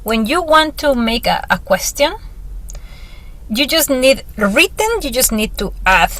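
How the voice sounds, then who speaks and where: A woman's voice: a little high, lively intonation, measured pace, a bit bright. Woman teaching a student one on one, patient and upbeat, walks through grammar. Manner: patient, encouraging, explains step by step. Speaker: Spanish teacher. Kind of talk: one-on-one language lesson.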